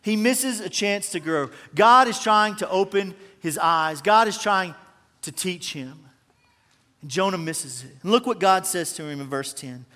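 A male pastor with a fairly high voice delivers a lively, joking sermon to his congregation. His telling is animated, rising and dropping in volume as he tells the story. The sound carries a long reverb from a large hall. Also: unhurried. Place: church auditorium.

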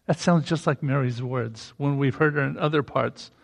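A man's voice: medium pitch, normal speed, gravelly. A man preaching a sermon in a conversational way, breaking into emphatic rising bursts.

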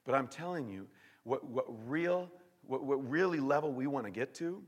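A male pastor preaching a sermon in an animated, emphatic way, often repeating and restarting his words. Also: medium pitch, normal speed, long reverb tail, muffled recording. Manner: animated, emphatic preaching with sudden shouts and drops to near-whisper.

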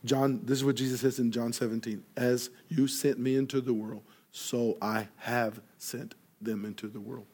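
A man preaching a sermon, telling a story and acting out each person in it, rising loud when excited and falling soft and quiet for earnest points. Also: medium pitch, moderate pace, hardly any pauses. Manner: animated storyteller, acts out dialogue, grows loud in excitement. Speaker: pastor.

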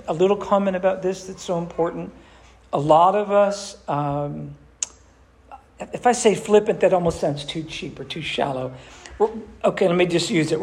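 A man's voice: on the high side, darkish tone. A man leading a group Bible study, teaching emphatically and calling on members by name.

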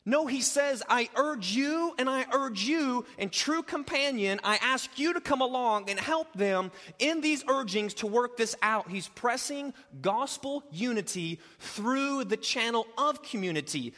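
A man preaching an expository sermon, moving between quiet explanation and loud, emphatic urging. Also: very high-pitched, lively intonation, measured pace, big-room sound. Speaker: pastor.

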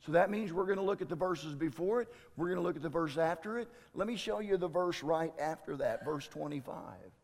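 A man preaching a sermon as a pastor, emphatic and exclamatory, with dramatic shifts between loud and hushed delivery. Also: on the high side, animated, fairly quick, vocal fry, hardly any pauses, long reverb tail.

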